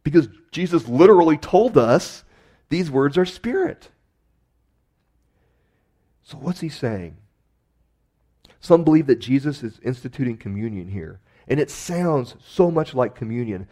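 A male pastor delivers a sermon in a relaxed, conversational way. His voice is mellow and dark, and his pitch sits in the middle. He lifts and presses on key phrases for emphasis. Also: measured pace, pauses often. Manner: conversational preaching with emphatic rises.

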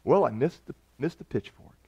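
A man voicing a down-home fellow excitedly telling a tall tale in a sermon joke. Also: mid-range voice, moderate pace, breathy edge, dry recording. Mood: eager. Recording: dull lo-fi recording.

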